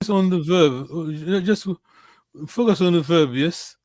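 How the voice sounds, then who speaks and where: A man's voice: fairly high pitch, measured pace, a little mellow, dry recording. A man teaching a language class over a video call, patiently correcting students and often checking in with "yes?". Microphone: computer on a video call.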